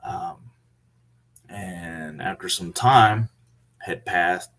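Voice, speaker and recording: A man telling his story casually, halting often with fillers and restarts. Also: deep voice, a bit bright.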